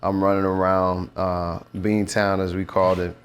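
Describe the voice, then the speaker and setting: A young man from Nigeria chats in a relaxed, reflective way about his music and childhood. His voice sits low and calm. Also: moderate pace, clear, resonant tone. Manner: relaxed, reflective, slips into rap flows. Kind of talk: casual interview chat.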